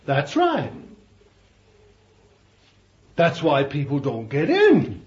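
A man's voice: on the high side, wildly swooping pitch, very slow, long pauses. A man preaching a sermon, fervent, repeating his phrases and calling his listeners beloved. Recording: dull lo-fi recording.

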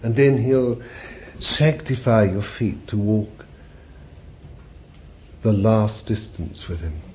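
A man's voice: fairly low pitch, animated, slow pace, warm tone. A man preaching a sermon in a conversational way, repeating phrases and putting questions to his listeners. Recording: dull lo-fi recording with faint hiss.

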